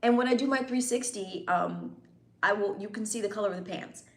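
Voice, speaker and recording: A woman's voice: mid-range voice, a little fast, roomy sound. A woman hosting a casual livestream, reading chat comments and teasing her viewers playfully.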